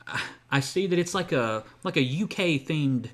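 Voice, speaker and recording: A man's voice: on the high side, animated, normal speed, fairly bright tone. A man co-hosting a podcast, telling a long story in casual chat with many fillers and restarts. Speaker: podcast co-host.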